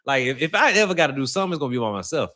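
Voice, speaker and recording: A man's voice: mid-range voice, sing-song, very fast, pushed and bright. A man hosting his own channel, telling a story in casual slang and acting out the quotes. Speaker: channel host. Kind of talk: casual commentary to camera.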